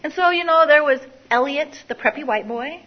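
In this lo-fi recording, a woman's high-sitting voice moves at a normal pace as she gives personal testimony about her recovery to an audience. She's open and confessional, circling back to the same phrases again and again.

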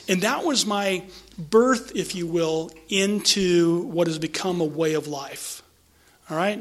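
A man's voice: high voice, a bit bright. A middle-aged man frankly telling his own story in conversation, emphatic and swearing freely. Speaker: guest sharing recovery story. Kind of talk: personal storytelling in an interview.

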